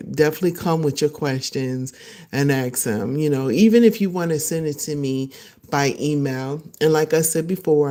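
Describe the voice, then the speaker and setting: Excited woman host chatting solo on her livestream, mellow warm voice, laughs a lot. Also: sits low. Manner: animated, laughing, acts out voices of others. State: excited and a little nervous. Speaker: podcast host. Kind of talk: casual solo livestream chat.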